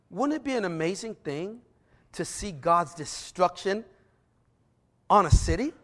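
Male preacher, middle-aged, high-pitched voice, slow scripture reading mixed with animated storytelling. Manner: reads scripture slowly, then tells stories in a lively way. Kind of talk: sermon.

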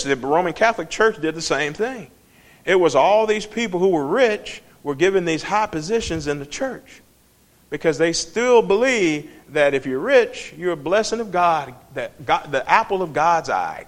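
A man's voice: on the high side, sing-song, normal speed. A man giving an informal, conversational Bible lesson and asking his listeners questions as he goes. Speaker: Bible teacher.

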